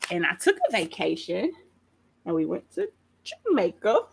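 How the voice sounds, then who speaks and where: A woman guest on a podcast, chatting casually and telling animated stories, often laughing. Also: on the low side, moderate pace, vocal fry, noisy background. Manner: lively storyteller, acts out quotes in voices; laughs often while talking. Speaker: guest, pastry chef.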